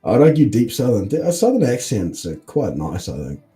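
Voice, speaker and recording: Low, lively New Zealand man. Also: moderate pace, soft background music. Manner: laughing often, swears freely. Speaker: co-host. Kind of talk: casual chat on a livestream.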